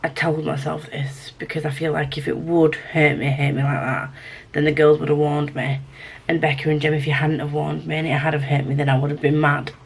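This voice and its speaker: A woman in a casual reading vlog, with a slightly low voice. She gushes and gets emotional. She repeats herself and at times drops to a hushed whisper. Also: level tone, brisk, vocal fry, husky. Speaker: book vlogger.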